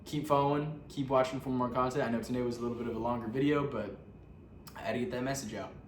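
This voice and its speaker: A man's voice: mid-range voice, steady tone, quick pace. A young man talking casually to camera as a vlogger, slangy and profane, full of fillers and restarts. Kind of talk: casual motivational talk to camera. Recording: roomy, distant from the mic, faint background noise.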